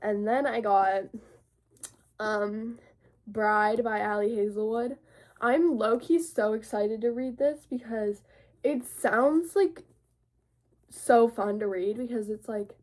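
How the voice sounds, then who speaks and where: A woman's voice: fairly high pitch, a little mellow. A teenage girl with a cold and sniffles, chatting casually and rambling about her new books. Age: teens. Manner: rambling, filler-heavy, bubbly. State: sick with sniffles. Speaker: book vlogger. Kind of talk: casual chat.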